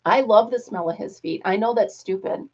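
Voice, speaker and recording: A woman's voice: mid-range voice, normal speed, a little mellow, lo-fi sound. A woman hosting a casual live chat, talking freely with frequent laughs and cooing asides to her dog. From United States. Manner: chatty, laughs often, coos to her dog. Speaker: host.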